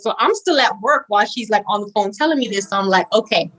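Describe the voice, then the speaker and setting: A woman's voice: medium pitch, fast, a bit bright, poor audio. A young woman who is a podcast guest, telling a personal story casually and acting out quoted lines with big jumps in her voice. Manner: casual, says "like" and "girl" often. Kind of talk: storytelling interview.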